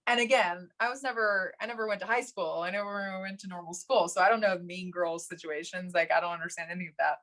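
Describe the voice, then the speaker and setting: A woman in her thirties, a podcast guest telling stories in casual conversation, animated, laughing often and acting out what others said. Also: lowish voice, quick pace, hardly any pauses. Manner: animated, laughs often, acts out quoted voices. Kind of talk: casual interview storytelling.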